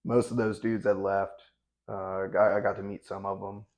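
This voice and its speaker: A man in his thirties, a veteran Navy corpsman, tells his story in a low, darkish voice at normal speed with flat delivery. He's blunt and matter-of-fact, restarting his sentences frequently, in candid conversational storytelling.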